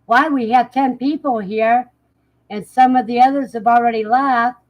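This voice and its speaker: A livestream host with a slightly high voice and fairly even intonation reads out viewers' comments and answers them. She's unhurried, chatty, and laughs often, though the recording is muffled.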